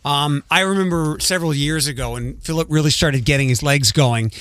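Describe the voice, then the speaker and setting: A man hosting a morning radio show, giving blunt, wry remarks and brisk announcements. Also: fairly high pitch, a bit bright, clear, resonant tone.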